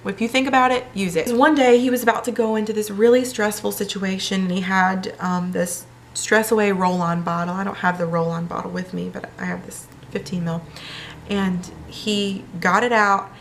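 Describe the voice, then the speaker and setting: A woman's voice: medium pitch, fairly even intonation, moderate pace, slight background noise. A young woman chatting in a casual vlog, telling a personal story with lots of fillers. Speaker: vlogger.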